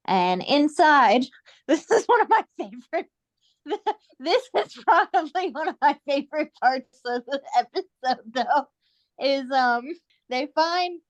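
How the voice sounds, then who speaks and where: Podcast co-host, female, higher pitch, dry booth sound; lively recapper. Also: no room sound. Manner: animated storytelling, quoting characters in put-on voices. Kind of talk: casual chat recapping a cartoon.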